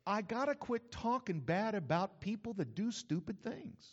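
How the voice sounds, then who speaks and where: A man preaching a sermon as pastor, lively and conversational with asides to the congregation. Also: high voice, moderate pace. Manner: animated preaching with asides and acted-out quotes. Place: church sanctuary. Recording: dull sound with long hall reverb.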